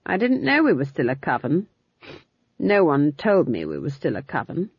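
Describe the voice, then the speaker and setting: A woman's voice: deep voice, sing-song, normal speed, breathy edge, dry recording, full character voice. A woman playing a stern, disapproving old witch. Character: stern elderly female witch, dry and proud. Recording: dull lo-fi dry recording.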